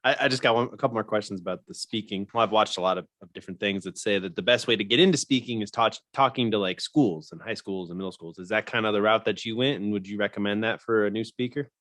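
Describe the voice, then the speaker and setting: A man's voice: on the low side, fast talker, hardly any pauses, fairly bright tone. A man hosting an interview, asking casual, curious questions. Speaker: podcast host.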